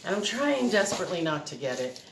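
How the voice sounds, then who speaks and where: A woman's voice: fairly low pitch, sing-song, quick pace, roomy sound, slight background noise. A middle-aged woman chatting casually as she demonstrates a recipe at home, a little breathless, rambling and laughing often. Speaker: cooking vlogger. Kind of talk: casual home cooking demo. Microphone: phone camera.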